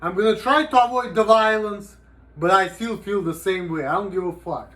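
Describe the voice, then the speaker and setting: A man's voice: sits high, moderate pace, bright, forceful tone. A man talking casually in a rambling, profane vlog monologue, with "you know" in almost every sentence. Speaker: vlogger.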